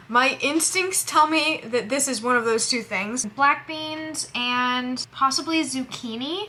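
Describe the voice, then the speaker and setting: A woman's voice: high-pitched, sharp tone, a little hiss or hum. A young woman chatting casually in a food vlog from a hotel room, thinking aloud as she tastes and describes her meals. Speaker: vlogger.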